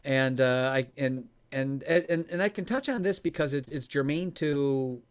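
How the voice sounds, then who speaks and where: A man telling a story in conversation, animated and laughing often, his voice jumping high when excited. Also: a little slow, smooth. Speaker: coach and former radio host.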